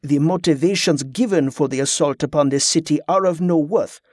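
A man voicing a formal, scholarly male pirate captain who speaks in a firm, measured way. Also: a little high, darkish tone, no echo, clean studio sound, lightly acted.

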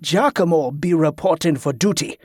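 A man's voice: on the high side, moderate pace, darkish tone, slightly rough, no echo, clean studio sound. Man voicing a big jovial male sailor.

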